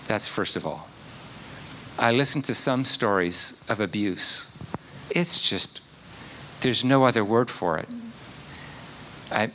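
Slow, earnest male preacher, bright tone. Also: on the low side, a little hiss or hum. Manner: earnest, drops to hushed whispers at times. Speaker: pastor. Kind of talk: sermon.

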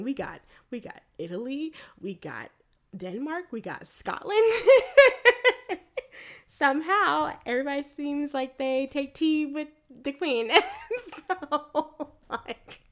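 Lively chatty woman recapping a film. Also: sits high, slow. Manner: animated, profane, laughs often. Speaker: podcast co-host. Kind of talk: casual film recap chat.

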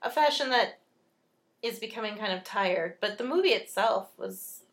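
A woman's voice: medium pitch, lively intonation, moderate pace. A woman in a casual movie-review chat, giving her opinions as she thinks them through. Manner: opinionated, thinks aloud with fillers.

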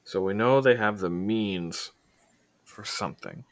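A man narrating as game master in a casual, halting way. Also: lowish voice.

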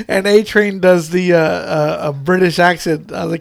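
A man's voice: high-pitched, unhurried, creaky. A man co-hosting a podcast in casual chat, rambling with lots of fillers and frequent laughter. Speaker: podcast host.

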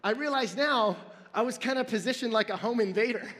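A man's voice: very high voice, normal speed, fairly bright tone, in a large hall. A pastor in his forties preaching a sermon, earnest and storytelling, with self-deprecating humor.

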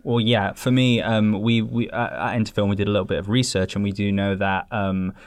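A man's voice: fairly low pitch, flat delivery, a little fast, clean tone, dry recording, studio quality. A man co-hosting a podcast, explaining fluently and readily agreeing with the others. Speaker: podcast co-host from a film education group. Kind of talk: casual podcast discussion.

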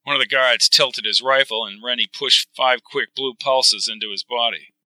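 A man reading a science fiction novel aloud, with steady, even storytelling. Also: medium pitch, normal speed, no room sound, rough recording. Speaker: narrator.

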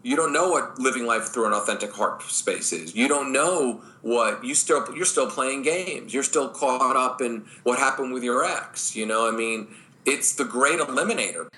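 Guy dating coach on a podcast, super bright punchy voice, blunt, leans hard on every point. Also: medium pitch, animated, normal speed, rough recording. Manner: emphatic, blunt, acts out quoted voices. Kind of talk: podcast interview.

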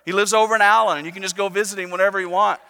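A high, bright male voice preaching a sermon in a church hall with a long reverb tail. He talks to the congregation in a relaxed, joking way, then slows and softens to press a point home. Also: gravelly, smooth. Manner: conversational preaching with jokes, slowing and softening for emphasis. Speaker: pastor. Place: church sanctuary.

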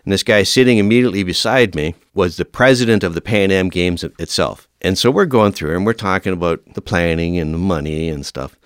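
A middle-aged man with a deep, low voice tells stories from his fire service career. He speaks in a lively, emphatic way and laughs often. The recording is dry and close. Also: fairly quick, few pauses, smooth, no room sound. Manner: animated, emphatic storyteller who laughs often. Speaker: fire service officer, guest. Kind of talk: casual anecdotal storytelling.

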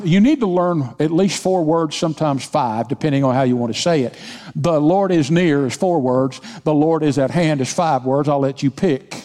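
A man's voice: fairly high pitch, darkish tone. A man preaching a sermon as senior pastor, speaking emphatically with repeated phrases and leading the congregation in call-and-response. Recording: long reverb of a large hall.

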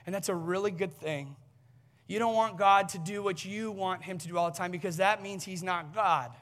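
A male pastor delivering an impassioned sermon, often rising toward near shouting. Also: high-pitched, normal speed.

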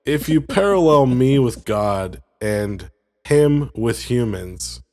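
A laid-back man with a gravelly, fry-edged voice rambles through a story in casual conversation. His tone is easygoing and joking as he talks with a co-host. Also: mid-range voice, expressive, takes it slowly, darkish tone. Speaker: podcast co-host. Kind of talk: casual chat.

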